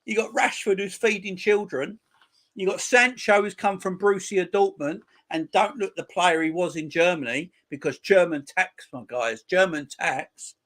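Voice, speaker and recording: A man in his forties with a fairly high-pitched voice, hosting a casual live stream and chatting with his viewers. He talks in loose, crude banter and openly mocks the teams he discusses. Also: pushed and bright. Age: 40s. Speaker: football channel host.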